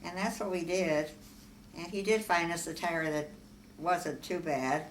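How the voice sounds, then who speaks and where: An older woman from Omaha, Nebraska, unhurriedly recounting her life story in an oral history interview, with frequent fillers and soft laughs. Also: fairly low pitch, steady tone, measured pace. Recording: echoey room, far from mic, faint hiss.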